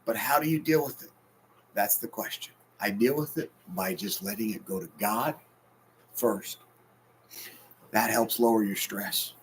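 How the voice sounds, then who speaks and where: A man in his forties preaching a heartfelt sermon, swinging between loud bursts and hushed, near-whispered lines. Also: on the low side, a little slow, pauses often, slight background noise. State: sleepless and stressed. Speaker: pastor.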